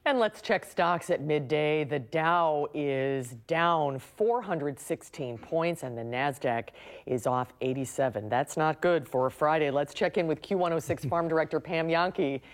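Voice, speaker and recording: Woman, news anchor, low voice, friendly conversational. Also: a little slow. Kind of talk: live newscast.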